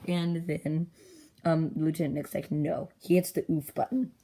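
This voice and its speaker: A woman's voice: low voice, little pitch movement, moderate pace, mellow, rough recording. A woman rambling breathlessly through the story of her homemade comic, popping into squealed character voices. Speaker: comic creator. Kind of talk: casual retelling of a homemade comic.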